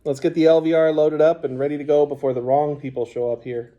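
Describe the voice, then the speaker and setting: A man voicing a brisk, take-charge boy giving orders in an audiobook. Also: fairly high pitch, level tone, mellow, dull audio, close to an everyday voice. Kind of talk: audiobook character voice.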